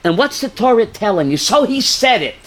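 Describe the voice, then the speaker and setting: A man's voice: sits high, very animated, brisk. A man, a rabbi leading a Torah class, quizzing his listeners by name and now and then raising his voice to drive a point home. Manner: calls on listeners by name, asks questions, bursts loud.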